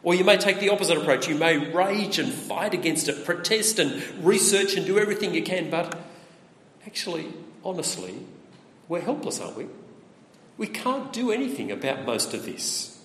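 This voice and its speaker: A male preacher gives a sermon in a conversational manner and keeps asking the congregation rhetorical questions. His voice sits a little high and moves around a lot. He is heard in an echoey hall with a long reverb tail. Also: big pitch swings, normal speed, fairly bright tone, slight background noise.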